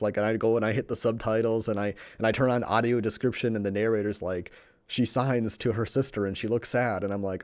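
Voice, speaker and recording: A swearing, gushing man with a dark voice. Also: on the low side, steady tone, a little fast, dry recording, studio quality. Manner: swears often, stumbles over words, gushing. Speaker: vlogger reviewing a show. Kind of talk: excited casual monologue.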